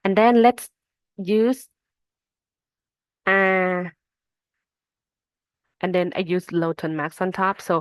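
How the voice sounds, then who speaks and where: A woman's voice: on the low side, clear, resonant tone, no echo. A woman with a Thai accent, a native Thai speaker, teaching an online Thai lesson and sounding out syllables one by one. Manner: slow, patient explaining, sounding out syllables one by one. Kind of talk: self-paced online lesson.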